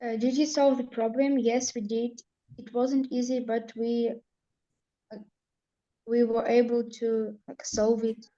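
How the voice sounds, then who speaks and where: A woman student reads her English exercise sentences aloud. Her voice sits a little high and sounds mellow. The audio is somewhat dull, as over a video call. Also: little pitch movement, measured pace.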